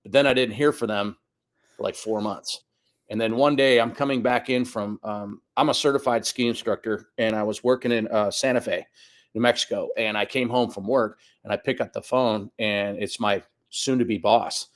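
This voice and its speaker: A man's voice: fairly low pitch, fairly even intonation, moderate pace. A man in his fifties telling a long personal story as a guest on a podcast, acting out the voices of the people he quotes. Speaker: guest soccer coach. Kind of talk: casual storytelling interview.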